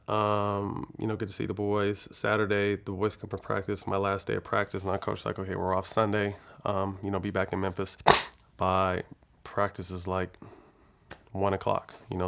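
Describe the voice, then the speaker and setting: Gravelly low-voiced man telling a story. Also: fairly bright tone. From California. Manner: casual, profane, laid-back storytelling with fillers. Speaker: interview guest, former basketball player. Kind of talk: candid storytelling interview.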